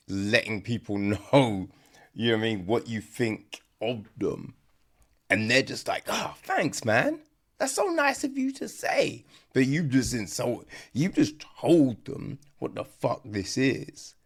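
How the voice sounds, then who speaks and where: A man's voice: medium pitch, vocal fry, slightly rough. A man giving a blunt, profane, casual film review on a podcast, acting out lines as he goes.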